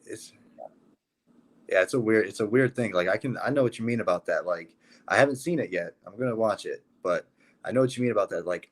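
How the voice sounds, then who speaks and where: A man in relaxed casual chat who agrees readily and swears often. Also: fairly low pitch, brisk. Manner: laid-back, profane, agreeable.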